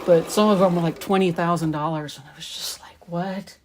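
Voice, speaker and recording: A woman's voice: fairly low pitch, fairly even intonation, a little fast, a little mellow, a little hiss or hum. A middle-aged woman quilter chatting casually and rambling as she sews at home. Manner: rambling, chatty, talks while working. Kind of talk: casual chat while sewing.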